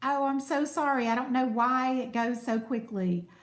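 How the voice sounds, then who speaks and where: A woman chats casually on a live stream, reading and answering viewer comments. Her voice is high and soothing. The room around her is noticeably echoey. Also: moderate pace. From United States. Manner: chatty, warm thanks to viewers, reads comments aloud. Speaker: cooking channel host.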